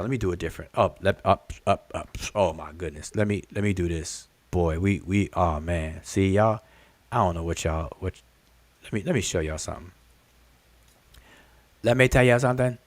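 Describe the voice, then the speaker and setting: Animated man teaching live to viewers. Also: on the low side, no room sound. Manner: animated, repetitive, calls out "look, look" to viewers; addresses the audience as "y'all" and "family". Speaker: host teaching on a live stream. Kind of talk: live-stream lesson talking to viewers in chat.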